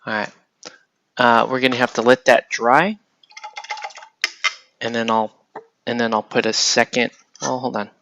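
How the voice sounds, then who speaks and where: A man's voice: mid-range voice, measured pace, gravelly, long pauses. A man casually talking through painting a miniature, thinking aloud and trailing off as he works. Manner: relaxed, thinking aloud while painting, trailing off mid-sentence. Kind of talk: casual painting tutorial talk.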